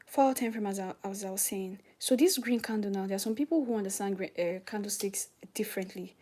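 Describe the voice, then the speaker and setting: A woman's voice: medium pitch, fast talker, warm tone. A young woman live-streaming forex trading, explaining charts step by step, often dropping to a near-whisper and asking if viewers understand. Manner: chatty, explains step by step, asks "do you understand?". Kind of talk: live trading screen-share commentary.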